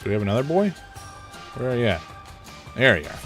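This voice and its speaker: A man streaming a video game, chatting and joking as he thinks out loud about his choices. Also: medium pitch, very animated, fast talker, soft background music. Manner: chatty, joking, thinks aloud while playing. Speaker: gaming streamer. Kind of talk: casual live gameplay commentary.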